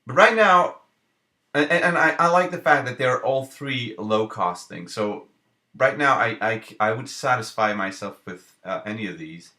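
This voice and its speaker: Bright-voiced man musing over game picks. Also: mid-range voice, expressive. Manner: thinking aloud, halting restarts, playful self-mocking jokes. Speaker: streamer drafting a card game deck. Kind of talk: live-streamed game commentary.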